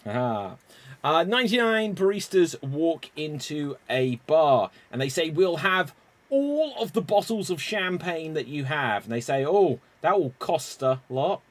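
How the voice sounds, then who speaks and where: A man hosting an online improv game over a video call, unhurried and chuckling as he calls on players by name. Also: a little high, very animated. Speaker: improv show host.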